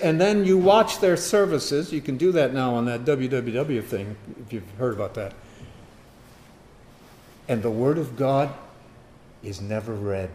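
A man preaching a sermon, firing rhetorical questions and swinging from loud emphasis to quiet asides. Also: medium pitch, a little slow, pauses often.

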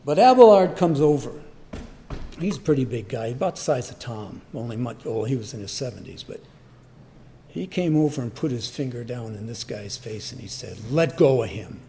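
A man's voice: mid-range voice, animated, normal speed, gravelly, mellow. An older man preaching a sermon, telling a personal story in a conversational way. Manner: storytelling, conversational, acts out voices. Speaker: pastor.

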